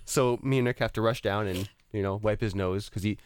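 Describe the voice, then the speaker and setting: A man's voice: on the low side, steady tone, a little fast, smooth. A man, hosting a real estate talk show in a chatty way, with many fillers and restarts. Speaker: radio show host. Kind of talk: casual chat.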